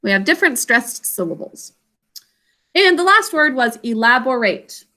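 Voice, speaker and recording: A woman's voice: fairly high pitch, very animated, moderate pace, sharp tone. A woman teacher giving a spelling lesson, explaining patiently step by step and encouraging her students. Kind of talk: classroom instruction.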